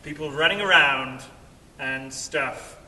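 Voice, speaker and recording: A young man telling a story in an animated way, acting out the voices of the people in it. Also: takes it slowly. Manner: animated, acts out quoted voices. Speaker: vlogger. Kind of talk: storytelling vlog. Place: cave. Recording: echoey cave, distant mic, faint rumble.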